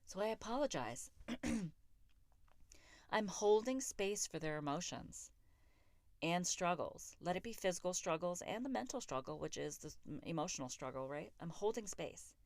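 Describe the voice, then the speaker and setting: A woman's voice: on the low side, no room sound. A woman in her thirties hosting a solo podcast, talking in a raw, profane, emphatic and self-reflective way. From raised in a Pakistani immigrant family. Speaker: podcast host. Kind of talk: candid solo podcast monologue.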